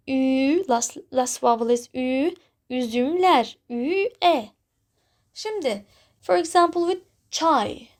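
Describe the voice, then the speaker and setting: A woman teaching a beginner language lesson, repeating words slowly to model the sounds. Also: high voice, darkish tone. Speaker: Turkish teacher.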